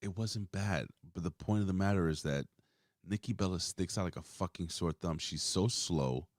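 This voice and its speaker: A man's voice: low-pitched, normal speed, no room sound, clean studio sound. A man co-hosting a casual wrestling review chat, joking, swearing and mocking the wrestlers. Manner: profane, joking, mocking impressions. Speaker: co-host.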